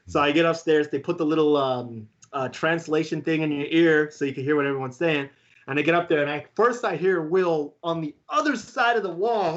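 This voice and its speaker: A man, a guest, telling a story in a casual, excitable way and laughing often. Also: a little high, fairly quick, dull audio. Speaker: guest beatboxer.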